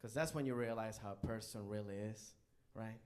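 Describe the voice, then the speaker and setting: A man doing a live stand-up comedy set on a club stage, animated and bursting into loud character voices. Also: lowish voice, normal speed.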